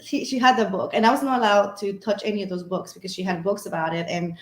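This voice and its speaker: A woman's voice: medium pitch, steady tone, quick pace, roomy sound. A woman guest on a paranormal podcast, telling a personal story in a rambling, casual way full of fillers and restarts.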